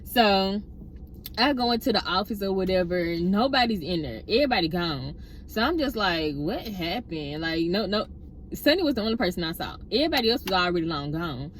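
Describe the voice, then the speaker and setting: A young woman casually telling a personal workplace story, chatty and animated, often addressing listeners directly. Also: medium pitch, fairly quick, slight background noise. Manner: animated retelling with acted-out quotes.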